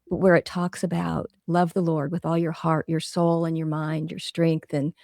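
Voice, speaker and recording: Middle-aged woman guest, mellow gravelly voice, earnest and reflective, interview chat. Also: low voice, level tone, normal speed, no room sound, studio quality. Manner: earnest, reflective, talks through examples. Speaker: guest author. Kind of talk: casual interview conversation.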